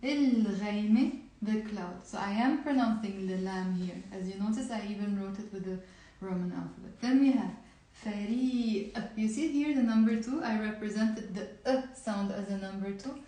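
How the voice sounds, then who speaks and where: A woman teaching an online language lesson, repeating words slowly and patiently. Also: medium pitch, dark tone, very echoey, distant mic.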